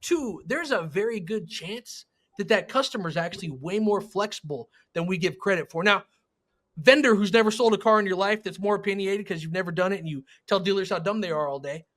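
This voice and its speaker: A man hosting a panel discussion as a sales trainer, talking in a blunt, emphatic, animated way. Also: high voice, fairly quick. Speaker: sales trainer and show host.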